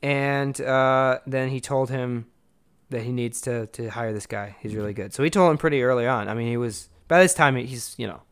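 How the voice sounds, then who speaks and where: A man's voice: medium pitch, moderate pace, clean tone. A man co-hosting a casual movie podcast, joking and reading out trivia questions. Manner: runs trivia quizzes, joking. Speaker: podcast co-host.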